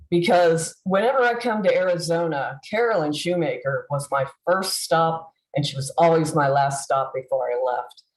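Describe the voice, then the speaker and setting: A woman giving a heartfelt tribute over a video call, halting with fillers and restarts. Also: on the low side, roomy sound, rough recording. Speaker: convention presenter.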